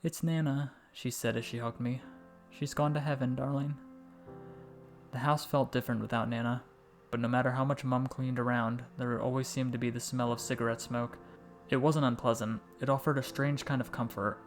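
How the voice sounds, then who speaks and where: A man reading a story aloud in a calm, reflective way with dry, wry asides. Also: medium pitch. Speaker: story narrator. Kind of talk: scripted storytelling narration. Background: faint background music.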